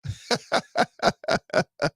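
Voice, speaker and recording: A man's voice: very slow, fairly bright tone, no room sound. A man of about fifty hosting a casual podcast, talking straight to his listeners, repeating himself and often asking "right?". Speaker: podcast host.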